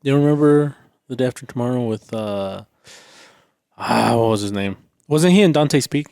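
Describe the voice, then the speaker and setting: A man's voice: medium pitch, expressive, moderate pace, gravelly, a little mellow, no echo. A man co-hosting a podcast in casual chat, chiming in with short, dry remarks. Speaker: podcast co-host.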